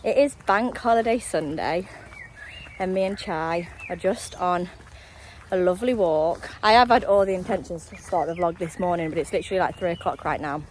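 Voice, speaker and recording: A woman's voice: on the low side, normal speed, rough recording. Woman, young, chatty, rambling, a little out of breath, outdoors, faint background hum. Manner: rambling, friendly, talks to viewers directly. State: slightly out of breath. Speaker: vlogger. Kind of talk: casual chatty vlog while walking. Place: outdoors on a countryside walk.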